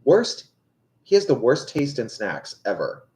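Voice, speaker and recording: A man's voice: mid-range voice, wildly swooping pitch, measured pace, dark tone. A young man chatting casually on a livestream, ranting in an exasperated way and swearing often. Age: young adult. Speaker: livestream tarot reader. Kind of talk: casual rambling chat.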